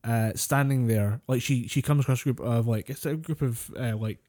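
A man from the UK talks in a mid-pitched, ordinary voice during casual podcast chat. His delivery is dry and sardonic, and he laughs often. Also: moderate pace, mellow. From United Kingdom. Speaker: podcast co-host.

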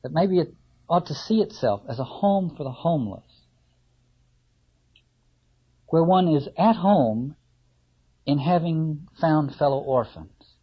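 A man gives a reflective lecture in a husky, breathy voice. He muses aloud with halting restarts and rhetorical questions. The recording is slightly muffled and lo-fi. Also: a little high.

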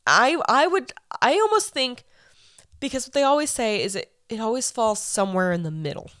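A woman's voice: on the high side, lively intonation, normal speed, fairly bright tone, no room sound, clean studio sound. A young woman co-hosting a true-crime podcast, casual and laughing easily. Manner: laughing, restarts sentences. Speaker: podcast co-host.

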